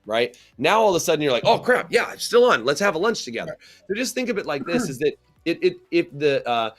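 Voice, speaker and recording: A man co-hosts a salon business show and gives casual, animated advice. He acts out little scenes as he talks. Soft music plays faintly behind him. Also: a little high, quick pace.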